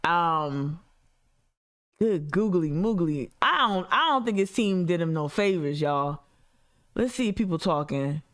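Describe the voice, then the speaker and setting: A woman's voice: fairly low pitch, animated, measured pace. A woman hosting a livestream, giving casual commentary full of blunt, profane asides and frequent laughter. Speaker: livestream host.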